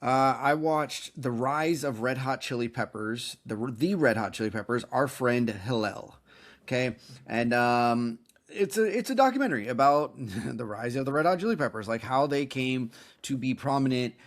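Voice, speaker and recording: A man's voice: medium pitch, expressive, moderate pace. A man co-hosting a podcast in casual chat, easygoing and a little hesitant. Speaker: podcast co-host.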